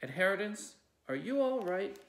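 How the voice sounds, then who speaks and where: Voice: mid-range voice, wildly swooping pitch, unhurried, creaky, voice pushed up, exaggerated voice. A library reader voicing a stern old great-aunt who speaks in curt commands. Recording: roomy echo.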